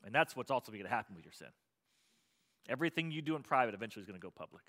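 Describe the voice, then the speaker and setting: Male pastor, bright tone, sermon delivery with big swings between fervent pleading and quiet teaching. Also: medium pitch, lively intonation, racing. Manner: swings from loud impassioned pleading to quiet explaining.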